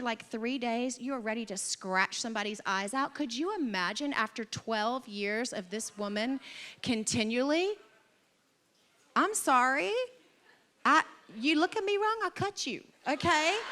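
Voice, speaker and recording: A woman pastor delivering a sermon with a high, bright voice. She tells her stories animatedly, acting out quotes and dropping in humorous, exaggerated asides. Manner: animated storytelling with acted-out quotes. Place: church.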